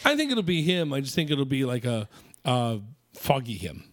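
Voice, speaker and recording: A man's voice: mid-range voice, wildly swooping pitch, moderate pace. A man co-hosting a podcast in casual chat, joking and laughing often. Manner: playful, laughs often, jokey. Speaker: podcast co-host.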